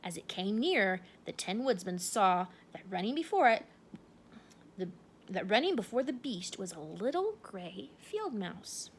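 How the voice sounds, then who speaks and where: Animated woman reading a storybook. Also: medium pitch, unhurried, a little hiss or hum. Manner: expressive, animated. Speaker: storybook reader. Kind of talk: reading a children's book aloud.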